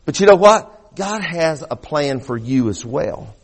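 A man's voice: on the high side, lively intonation, unhurried, long reverb tail. A middle-aged male pastor preaching a sermon, fervent, restarting phrases and repeating words as he builds.

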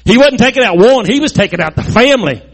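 A man telling a Bible story in a lively, folksy way, adding sound effects and jokes. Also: extremely high pitch, quick pace.

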